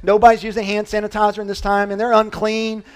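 A male pastor preaches in a conversational, animated style, restarting often and dropping in asides. He swings between loud emphasis and quiet, low moments, and his delivery is fast and smooth.

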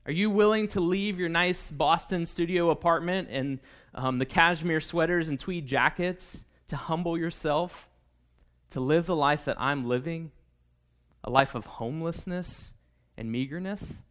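Humble homeless Jesus, put on by a preacher: higher voice, slow and pointed. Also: male voice, a bit bright, smooth. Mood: challenging.

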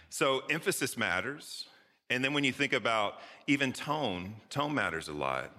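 A man's voice: mid-range voice, very animated, moderate pace, sharp tone. A man who is a pastor, preaching a sermon in a conversational, joking way, with playful asides between the reading. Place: church sanctuary. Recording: church hall with long reverb.

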